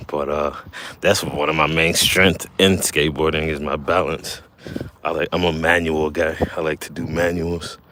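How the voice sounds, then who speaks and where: A man's voice: extremely low pitch, little pitch movement, moderate pace, pushed and bright. A man chatting casually on a livestream beside his kayak, rambling and correcting himself, a little winded. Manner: rambling, self-correcting, laughs often. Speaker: livestream host. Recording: faint background noise.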